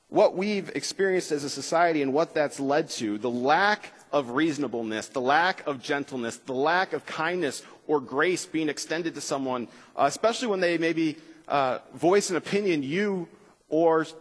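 Man, slightly high voice, easygoing Bible teacher, filler words, long gym reverb. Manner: relaxed, frequent uh fillers, slows for scripture reading. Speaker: pastor teaching Bible class. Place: school gym with bleachers.

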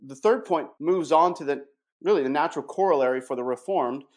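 A man giving a measured, emphatic theological explanation and reading passages aloud. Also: a little high. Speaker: guest presenting doctrine. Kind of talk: explanatory theological talk with read quotations.

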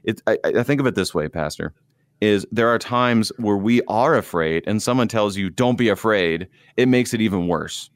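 A man, a preacher, chatting about scripture in an animated, self-deprecating way and quoting verses. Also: on the low side, moderate pace, dry recording. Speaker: preacher and co-host. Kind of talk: conversational Bible discussion.

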